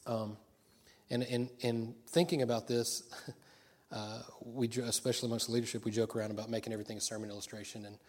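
A man's voice: medium pitch, flat delivery, fast, a little mellow. A middle-aged man preaching a sermon in a chatty, joking way, laughing often. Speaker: pastor.

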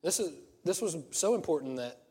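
A man's voice: a little high, expressive, moderate pace, dark tone, husky, big-room sound. A pastor preaching a sermon in a conversational way, asking rhetorical questions and restarting his sentences.

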